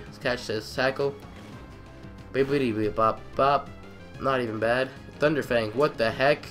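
Excitable young man narrating gameplay. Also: medium pitch, a little slow, faint music behind. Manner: excitable, trash-talking, repeats phrases. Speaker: gamer. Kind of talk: let's play commentary.

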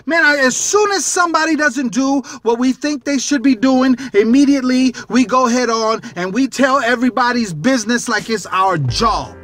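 A man giving an animated, conversational devotional message as a preacher, often repeating phrases. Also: very high-pitched, moderate pace.

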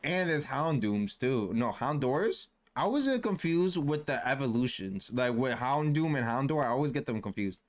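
Expressive and medium in pitch, this gaming YouTuber speaks at a moderate pace with few pauses. The young man's commentary on his game is laid-back and slangy, and he plays around with character voices.

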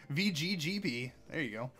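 A man hosting a live racing game stream, chatty and excitable, talking to chat and to his cat at home. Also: takes it slowly, soft background music. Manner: excitable, chatty, bursts into high-pitched baby talk with his cat. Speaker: livestream host. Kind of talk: live gameplay commentary.

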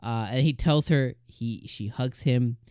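A man hosting a casual anime episode review, talking in an excited, rambling way with plenty of fillers. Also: medium pitch, measured pace, smooth, dry recording, clean studio sound.

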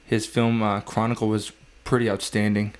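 A man with a somewhat low voice co-hosts a casual podcast. He speaks in measured phrases, often pausing on "uh" and "um" as he gathers his thoughts. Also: flat delivery. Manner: measured, with frequent "uh" and "um" pauses. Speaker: podcast co-host. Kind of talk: casual chat.

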